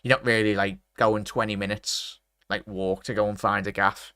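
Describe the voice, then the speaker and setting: A man's voice: fairly low pitch, steady tone, normal speed, pushed and bright, clean tone, no echo, clean studio sound. A young man in his twenties from England, hosting a live football watchalong stream, chatting with viewers, reading out their messages and commenting on the match. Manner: chatty, reads out viewer messages, calls everyone mate.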